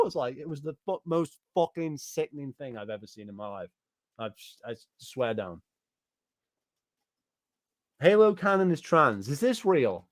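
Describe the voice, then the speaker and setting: A man rants on a livestream, rambling and swearing as he reacts to chat with disbelief. His voice sits at an ordinary middle pitch, and the sound is close and dry, with no room around it. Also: darkish tone, dry recording. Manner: profane, rambling, incredulous. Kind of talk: casual ranting livestream commentary.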